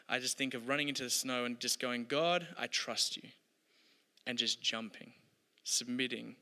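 With a mid-range voice that's bright and clear, a pastor gives a sermon in an earnest, storytelling style. He lets every point trail off softly, and a church hall's long reverb surrounds his words.

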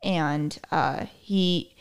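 A woman's voice: low voice, extremely slow, clear, resonant tone. A young woman hosting a podcast, chatting casually and telling stories with a sarcastic edge. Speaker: podcast host. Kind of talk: casual chat.

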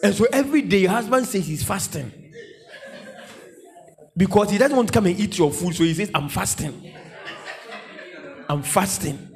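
Male preacher, high voice, animated, repetitive, comic sermon delivery. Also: fairly quick, pauses often. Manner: animated, repetitive, bursts into shouts and laughter. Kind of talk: humorous sermon.

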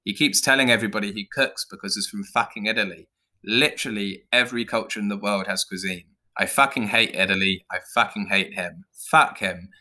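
A man's voice: on the low side, fairly even intonation, fairly quick, bright, forceful tone. A man voicing a blunt, foul-mouthed male owl who preaches about being a predator. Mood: preachy. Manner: pushy, preachy, swearing.

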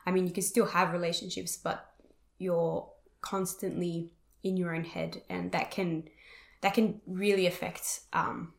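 Low-voiced young woman, echoey room. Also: flat delivery, measured pace, vocal fry. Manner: reflective and supportive, frequent "um" and "like". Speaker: podcast co-host. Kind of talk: casual conversational podcast chat. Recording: roomy echo.

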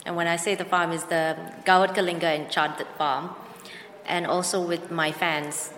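A woman guest in an interview, speaking slowly and earnestly with an inspirational tone. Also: lowish voice, little pitch movement, a bit bright. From foreign to the Philippines. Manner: slow, earnest and inspirational, with frequent laughs. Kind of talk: heartfelt interview answers. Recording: echoey room with faint background.

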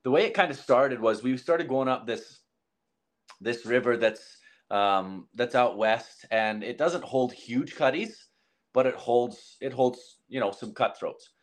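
A man's voice: medium pitch, a little slow. A man from southern Alberta, a podcast guest chatting casually and searching for words. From southern Alberta, Canada. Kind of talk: casual chat.

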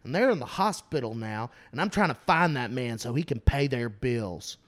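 A man acting out an angry middle-aged man demanding answers, in a loud and confrontational way. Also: medium pitch, lively intonation, moderate pace, natural voice. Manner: aggressive, confrontational.

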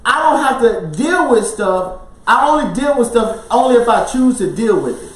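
A man's voice: very high-pitched, expressive, normal speed, fairly bright tone. A man co-hosting a podcast, telling a personal story in casual chat, acting out quotes and laughing often. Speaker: podcast co-host. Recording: roomy sound, mic at a distance.

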